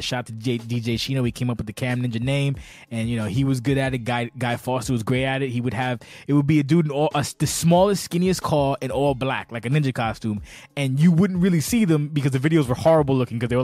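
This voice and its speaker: In a dry recording, a medium-pitched male podcast host rambles through a casual, slightly tipsy rant. He's profane and animated, tripping over his words and repeatedly stuttering before starting his sentences again.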